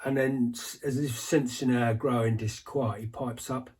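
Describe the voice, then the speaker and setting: A man playing a husky ex-henchman. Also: medium pitch, fairly even intonation, moderate pace, a little mellow, lightly acted. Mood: wry. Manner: rambling, colloquial, winking asides to the listener. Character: aging ex-henchman, chatty barroom storyteller. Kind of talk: monologue in an audio drama.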